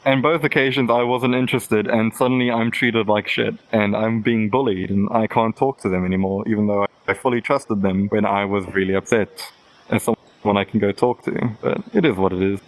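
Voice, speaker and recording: A man's voice: on the low side, fairly even intonation, brisk, low-quality recording. Candid, rambling young man telling a story. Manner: candid, rambling storytelling with quoted back-and-forth. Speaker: podcast guest. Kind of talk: casual podcast chat.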